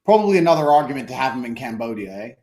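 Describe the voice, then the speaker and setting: A man's voice: mid-range voice, sing-song, rapid-fire, mellow. Guy on a podcast, swears a lot, cocky and blunt, stretches words out to make a point. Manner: blunt, profane and boastful. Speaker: podcast guest. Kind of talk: casual podcast conversation.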